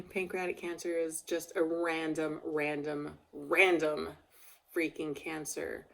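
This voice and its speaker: A woman's voice: low voice, flat delivery, slow, vocal fry. A woman talking candidly in a personal video diary, emotional and a little tearful, rambling as she goes. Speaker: video diarist. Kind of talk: casual personal vlog.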